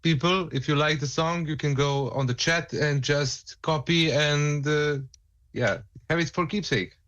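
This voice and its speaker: Man, co-host, casual chat, hesitant, lots of restarts, slightly high voice. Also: measured pace, fairly bright tone, muffled recording. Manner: hesitant, searching for words, many restarts. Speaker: co-host and music producer.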